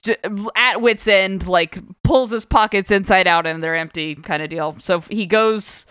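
A woman's voice: mid-range voice, a little slow, fairly bright tone, clear, resonant tone, dry recording, studio quality. A woman co-hosting a podcast, chatting casually about a comic book, laughing often and swearing, acting out the lines of the people in the story. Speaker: podcast co-host.

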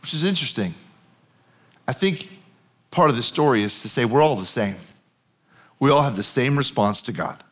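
A man preaching a sermon, telling a Bible story in a conversational, animated way. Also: medium pitch, moderate pace, pauses often. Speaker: pastor.

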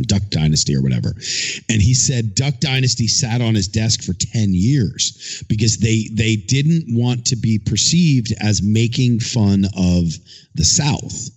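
A man's voice: lowish voice, darkish tone. Laid-back man hosting casual chat. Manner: laid-back, swears casually, asks questions. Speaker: podcast host.

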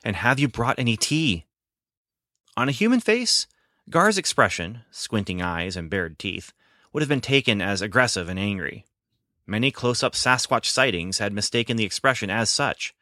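A man's voice: on the low side, sing-song, normal speed, sharp tone, dry recording. A man narrating an audiobook in a dry, wry storytelling manner.

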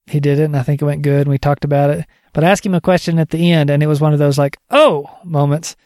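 A man's voice: a little high, little pitch movement, racing, dark tone, no echo, studio quality. A man giving a casual spoken teaching update on discipling others, conversational and digressive, thinking aloud as he goes.

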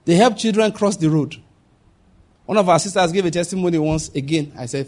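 A male pastor preaching a sermon, emphatic, reading scripture slowly and repeating key phrases. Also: a little high, a little mellow.

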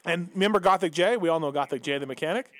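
A man's voice: fairly high pitch, racing, no room sound. A man hosting a podcast in easygoing casual chat, asking questions and saying "yeah" often. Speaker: podcast host.

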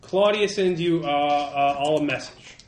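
A man narrating as game master, talking in a halting way with many fillers. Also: a little high. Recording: echoey room with faint hiss.

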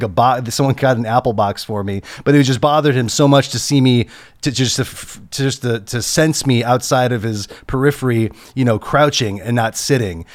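A man working as a camera operator, telling a casual anecdote in a halting way and chuckling as he goes. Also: mid-range voice, dry recording. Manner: halting, chuckles through the story.

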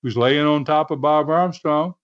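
A man casually telling a wrestling story, animated and chuckling, dropping "man" into his sentences. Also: fairly high pitch, normal speed, clean tone. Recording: dull lo-fi recording.

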